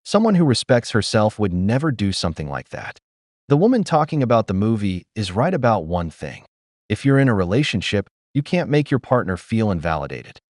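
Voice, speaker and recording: Male reaction host, judgmental and lively in pitch. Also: brisk, no room sound, studio quality. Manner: blunt, judgmental. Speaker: commentary host. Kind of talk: reaction commentary.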